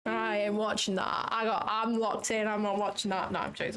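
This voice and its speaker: A woman's voice: mid-range voice, flat delivery, a little fast, a bit bright, slight background noise. A young British woman hosting a casual livestream, joking and bantering with her chat and cursing now and then. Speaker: livestream trading host.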